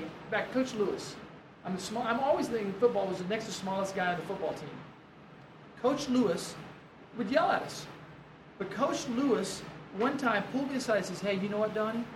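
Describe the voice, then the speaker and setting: Man preaching in a roomy hall. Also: sits high. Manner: storytelling, earnest and conversational. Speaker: pastor. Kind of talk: sermon. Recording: roomy, distant mic, noisy room.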